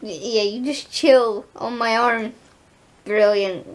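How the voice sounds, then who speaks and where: A young woman with a high voice talks casually in a home vlog. She coos at her pet, giggles often, and slips into frightened asides. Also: fairly even intonation, takes it slowly. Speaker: vlogger.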